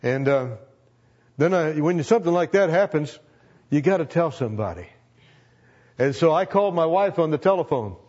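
A man's voice: on the high side, expressive, normal speed, long pauses, a little mellow, highs cut off. A man in his seventies, a longtime pastor, telling a personal testimony with earnest emotion and repeating phrases for emphasis.

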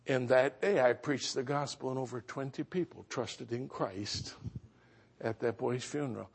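A man pastor preaching a sermon as a story, swinging between loud exclamations and hushed earnest passages. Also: medium pitch, fairly even intonation, unhurried, gravelly, husky.

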